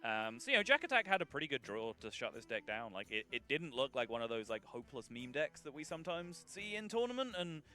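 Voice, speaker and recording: A man casting a card game tournament live, chatty and quick to laugh. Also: mid-range voice, very animated, sharp tone. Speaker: esports caster. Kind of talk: live esports commentary.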